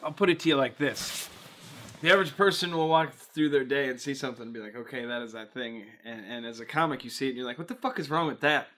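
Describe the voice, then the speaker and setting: A man's voice: mid-range voice, fast, a bit bright. A male stand-up comedian in a documentary interview, telling rambling, profane stories.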